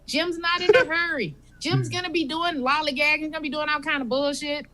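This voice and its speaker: A woman's voice: high-pitched, steady tone, brisk, background noise. A woman doing stand-up comedy, telling a rambling, conversational story.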